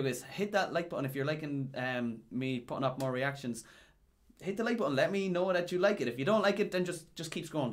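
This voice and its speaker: An Irish man, a music teacher, chatting casually in a reaction video, getting excited and breaking into high exclamations. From Ireland. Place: home recording room. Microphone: headphones with a desk mic.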